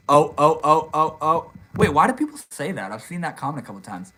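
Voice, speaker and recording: A young man hosting a casual live stream, reading viewer comments aloud in a relaxed, swear-heavy way. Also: a little high, brisk, a little hiss or hum, low-quality recording. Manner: laid-back, swears casually, says dude and bro a lot. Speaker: livestream host. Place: outdoors in the desert.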